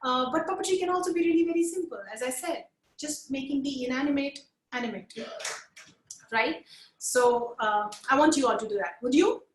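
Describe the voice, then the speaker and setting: A woman's voice: high voice, brisk, echoey room, a little hiss or hum, rough recording. A woman with an Indian accent teaching a puppetry webinar, mixing Hindi into her English and encouraging her listeners to try voices with her. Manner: switches between English and Hindi mid-sentence; encouraging, demonstrates voices with bursts of laughter. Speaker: puppetry trainer. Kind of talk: webinar lesson.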